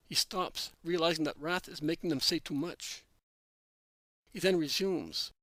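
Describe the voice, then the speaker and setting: A man narrating a religious story in a measured, plain reading style. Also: on the high side, bright, forceful tone, no room sound. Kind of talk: scripted narration of a religious text.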